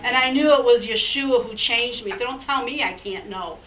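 A woman's voice: a little high, normal speed, fairly bright tone, recorded from a distance, slight background noise, low-quality recording. A woman pastor preaching a sermon in an emphatic, conversational way, with chatty asides.

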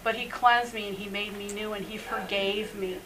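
Over a rough recording with a little hiss or hum, a middle-aged messianic rabbi recounts her personal testimony for a faith interview. Her mid-range voice is a bit bright, with fairly even intonation and a moderate pace. She speaks earnestly, laughing frequently and saying "you know" a lot.

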